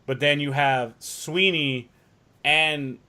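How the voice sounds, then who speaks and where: A man's voice: on the high side, fairly even intonation, takes it slowly, sharp tone. A man co-hosting a casual chat podcast, rambling and swearing freely. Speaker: podcast co-host.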